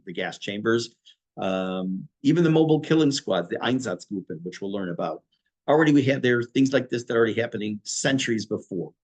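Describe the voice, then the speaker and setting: A middle-aged man, a rabbi, teaching a history class in a conversational way, pausing for asides to his listeners. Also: medium pitch. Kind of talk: informal history lecture.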